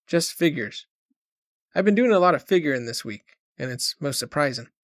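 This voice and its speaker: A man doing a quiet, passionless sickly boy. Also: fairly high pitch, animated, moderate pace, no room sound, clean studio sound. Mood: calm detached. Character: sickly teenage boy, calm and detached.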